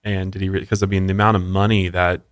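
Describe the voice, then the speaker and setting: Deep-voiced man host, halting and thoughtful. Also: little pitch movement, no room sound, clean studio sound. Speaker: podcast co-host. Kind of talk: casual interview conversation.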